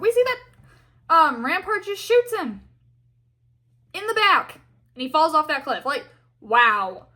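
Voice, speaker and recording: A woman's voice: high voice, sing-song, takes it slowly, pauses often, bright, forceful tone. A young woman giving a casual, exasperated fan rant full of fillers and acted-out quotes. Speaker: fan commentator.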